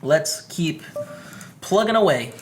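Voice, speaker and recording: A man's voice: fairly high pitch, lively intonation, slow, a little hiss or hum. A man with a Canadian English accent gives upbeat, chatty commentary on his poker hands while streaming live and greeting viewers by name.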